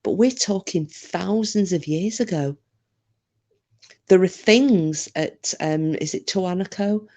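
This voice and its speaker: A woman from England hosts a casual livestream chat, talking freely and reading viewer comments aloud with self-deprecating humour. Her voice is fairly low and a little mellow, and she speaks slowly.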